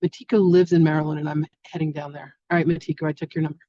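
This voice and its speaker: Female spiritual teacher, live-stream host, mellow tone, dry lo-fi audio. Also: sits low, flat delivery, rapid-fire, no echo. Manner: effusive, affectionate, spiritual. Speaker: spiritual teacher hosting an online masterclass. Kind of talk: casual live-stream chat.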